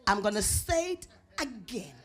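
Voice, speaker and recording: A woman with a Jamaican accent preaching a revival sermon in church, dramatic and call-and-response, building to shouts. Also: medium pitch, very animated, a little slow. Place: church sanctuary. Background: organ or keyboard music.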